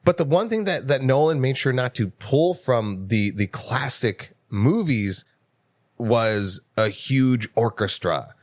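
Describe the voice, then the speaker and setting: A man co-hosts a casual movie podcast, ranting and swearing freely. His pitch leaps when he gets excited. The sound is dry and close, with no room echo. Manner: animated, profane ranting with quick jumps in pitch. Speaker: podcast co-host. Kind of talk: casual chat.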